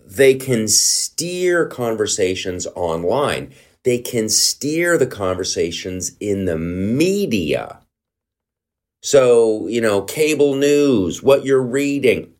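A man's voice: mid-range voice, darkish tone. A middle-aged man hosting a comedy podcast, ranting in a heated, profane, worked-up way.

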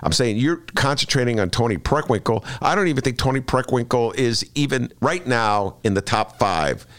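A man's voice: mid-range voice, lively intonation, normal speed, a bit bright. A man co-hosting talk radio, hesitant and full of filler words. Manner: hesitant, full of uh and um, laughs easily. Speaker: radio co-host. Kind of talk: casual political talk radio banter.

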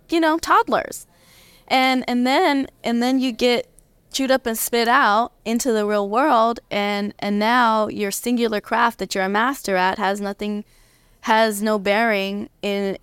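Woman in her thirties, interview guest, smooth clear voice, dry close sound, earnest and reflective. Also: mid-range voice, dry recording. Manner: earnest, reflective, many restarts. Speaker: guest, professional fighter. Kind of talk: conversational interview. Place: convention interview.

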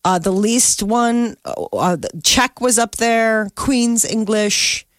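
A woman's voice: fairly high pitch, slow, no echo, clean studio sound. Chatty woman co-hosting morning radio. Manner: chatty, laughs easily, reads news items. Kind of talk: casual morning show banter.

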